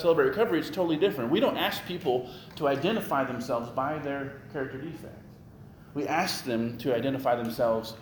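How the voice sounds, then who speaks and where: A man preaches in a roomy, echoing church sanctuary, with a faint hum of ambience behind him. His delivery is animated: he drives points home through repetition, and his voice climbs as he builds emphasis. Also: mid-range voice. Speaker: pastor. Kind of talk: sermon. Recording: echoey room with faint ambient noise.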